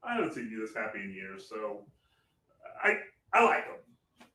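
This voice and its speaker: A man's voice: fairly low pitch, big pitch swings, normal speed, pushed and bright. A man playing a hesitant, stammering close friend who laughs easily, in acted drama dialogue. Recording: distant, roomy, faint noise.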